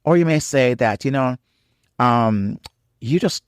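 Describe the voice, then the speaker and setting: A man's voice: medium pitch, unhurried, clean tone, no room sound, clean studio sound. A married man giving faith-based marriage teaching in an earnest, repetitive way, full of "um" and "you know", with preacher-like emphasis on key phrases. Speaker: podcast co-host on marriage.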